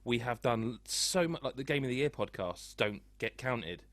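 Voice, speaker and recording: A man's voice: mid-range voice, expressive, moderate pace, a bit bright, no room sound. A man hosting a casual video game podcast, chatty and self-deprecating, rambling with restarts. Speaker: podcast host. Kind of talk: casual chat.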